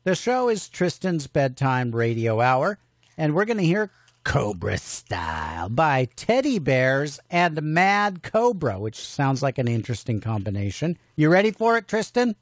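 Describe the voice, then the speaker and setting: A man's voice: fairly high pitch, sing-song, measured pace, no echo, studio quality. A man hosting a casual homemade radio show, bantering playfully in a fatherly way. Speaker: host.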